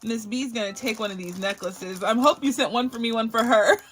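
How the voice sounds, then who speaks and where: A woman's voice: on the high side, brisk, slightly rough. A woman from Barbados hosting a budgeting channel, chatting through a casual unboxing vlog in a bubbly, effusive way and gushing with thanks.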